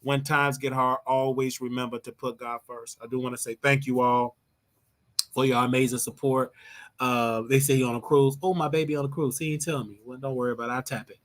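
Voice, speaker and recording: A man's voice: mid-range voice, level tone, a little fast. A man hosting his own livestream, talking casually to viewers in a playful, rambling, teasing way. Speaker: livestream host.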